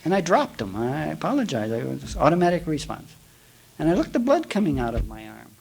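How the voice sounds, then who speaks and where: A man teaching yoga in a spiritual talk, telling folksy stories with jokes and swinging between loud and hushed. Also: a little high, huge pitch swings, brisk, vocal fry, a little hiss or hum, rough recording. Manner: folksy, storytelling with jokes and asides.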